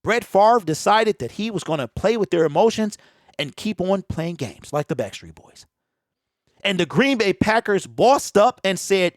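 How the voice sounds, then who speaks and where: High-voiced guy ranting about football on his home mic, super lively ups and downs, preachy and slangy. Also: normal speed, no room sound, clean studio sound. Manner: animated, preachy, talks straight to viewers with slang. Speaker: sports commentary host. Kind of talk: opinionated solo sports commentary. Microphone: home desk mic that pops.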